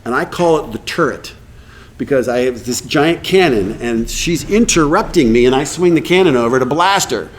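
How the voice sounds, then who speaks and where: A middle-aged man with a Texan accent, speaking at a recovery meeting and acting out quoted voices in an animated way. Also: mid-range voice, moderate pace, slight background noise. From Texas.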